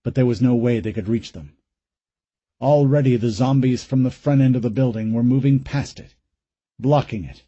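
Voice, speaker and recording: A man's voice: medium pitch, normal speed, warm tone, husky, no room sound, highs cut off. A man reading a horror audiobook aloud in a dramatic, suspenseful way. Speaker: audiobook narrator. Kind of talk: scripted narration.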